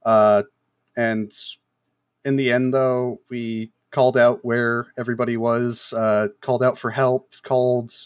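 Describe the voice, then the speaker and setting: A man's voice: medium pitch, flat delivery, unhurried, smooth, no room sound, muffled recording. A man speaking as a pilot guest over voice chat, hesitant with many fillers. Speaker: pilot guest in a game community. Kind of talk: casual voice chat.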